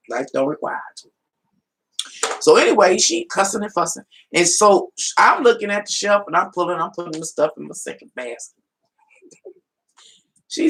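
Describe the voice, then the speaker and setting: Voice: medium pitch, creaky, a bit bright, poor audio. A tarot reader on a live stream telling a folksy, casual story, laughing often and talking to viewers as y'all. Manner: folksy, colloquial storytelling with quoted dialogue.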